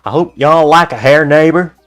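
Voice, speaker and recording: A man voicing a folksy Texan cowboy in an exaggerated, hammy drawl, pitched higher than his usual voice. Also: normal speed, faint music behind, close to an everyday voice. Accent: exaggerated Texan drawl, put on.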